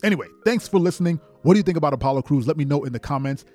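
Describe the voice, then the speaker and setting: Mellow-voiced man musing casually. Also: fairly high pitch, lively intonation, rapid-fire, soft background music. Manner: rambling, thinking aloud with many "like"s. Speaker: wrestling podcast host. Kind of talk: casual commentary monologue.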